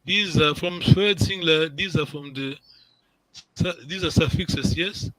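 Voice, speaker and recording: Bright-voiced man teaching a language class. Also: on the high side, a little slow, poor audio. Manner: patient, encouraging, repeats words, checks with "yes?".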